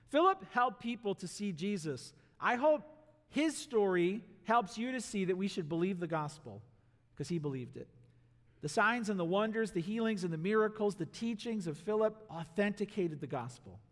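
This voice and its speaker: A male pastor preaching a sermon in a church, animated, asking the congregation questions and acting out voices. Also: sits high, normal speed. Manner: animated, acts out voices and asks the crowd rhetorical questions. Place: church sanctuary. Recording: long hall reverb in a church.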